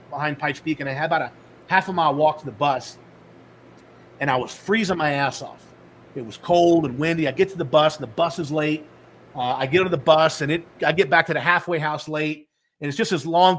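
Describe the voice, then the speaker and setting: A middle-aged man in a podcast interview spins his story in an animated way and acts out the voices of the people in it. His voice sits a little high for a man, with a faint hiss behind him. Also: poor audio. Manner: animated storyteller acting out dialogue. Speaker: podcast guest, author and speaker.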